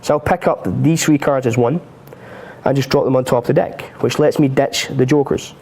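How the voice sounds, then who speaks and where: Man, magic tutorial on a live stream, chatty, jokes at his own expense, laughs a lot, ordinary middle pitch. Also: normal speed, darkish tone, slightly rough. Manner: chatty and self-mocking, laughs often. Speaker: magic instructor.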